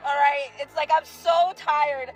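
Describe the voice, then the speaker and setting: High-voiced woman in angry tearful rant. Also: steady tone, unhurried, soft background music, low-quality recording. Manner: angry, tearful, profane outburst. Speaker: social media video poster. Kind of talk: emotional rant to camera.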